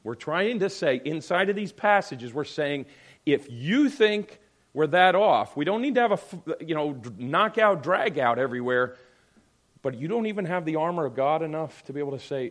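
A man's voice: on the high side, lively intonation, normal speed. A middle-aged man teaching a Sunday school class in an emphatic way, often acting out other people's voices.

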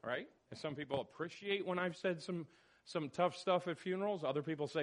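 A man leading a church study discussion, animated and questioning, calling on people by name. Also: fairly high pitch, brisk. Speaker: church study group leader.

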